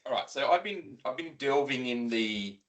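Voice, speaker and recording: An Australian man co-hosting a casual footy podcast, excitable and rambling, swearing freely as he tells stories. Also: medium pitch, moderate pace. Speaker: podcast co-host. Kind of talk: casual chat.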